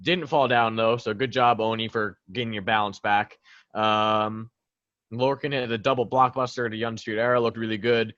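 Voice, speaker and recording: A man's voice: lowish voice, fairly even intonation, moderate pace, a bit bright, no room sound, highs cut off. A man co-hosting a wrestling podcast, chatty and amused as he recalls the match's mistakes. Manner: chatty, laughs at botches. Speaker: podcast co-host. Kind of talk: casual wrestling recap.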